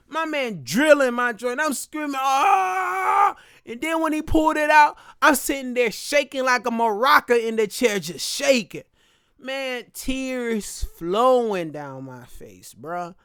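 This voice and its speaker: A young man telling a comic story in an animated, exaggerated, slang-heavy way with dramatic pauses. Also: extremely high pitch, clean tone, no echo, studio quality. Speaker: comedian vlogger.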